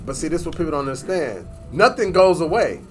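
A man in casual chat, talking in an animated, profane way and mimicking voices when he quotes people. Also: a little high, fast talker, faint music behind.

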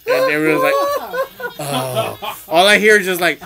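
Animated storytelling man over music. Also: sits high, normal speed, gravelly. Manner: storytelling comedian, swearing, laughing, acting out voices. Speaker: podcast host. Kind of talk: casual podcast chat.

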